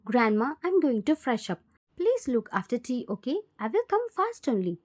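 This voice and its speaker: A woman's voice: fairly high pitch, sing-song, normal speed. A woman doing a hot-tempered young nanny. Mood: gentle. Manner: scolding, sharp questions. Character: young 18-year-old woman caring for a baby, quick-tempered.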